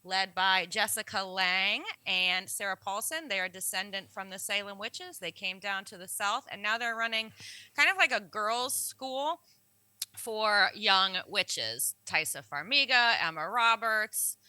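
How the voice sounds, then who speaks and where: A woman co-hosting a podcast, chatting casually and briskly listing cast and facts. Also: mid-range voice, sharp tone, clean tone, no room sound, low-quality recording. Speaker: podcast co-host. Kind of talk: casual chat presenting a show.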